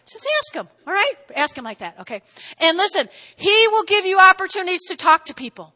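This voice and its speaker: A woman preaching a sermon in an animated way, often breaking off to ask "okay?" and acting out little scenes. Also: very high voice, brisk. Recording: long hall reverb.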